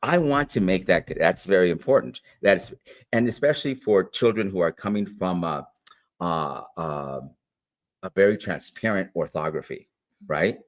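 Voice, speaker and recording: Deep-voiced man explaining with lively emphasis. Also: normal speed. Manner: animated, demonstrates sounds, frequent "right?" and "all right?". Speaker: guest literacy educator. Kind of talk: conversational interview.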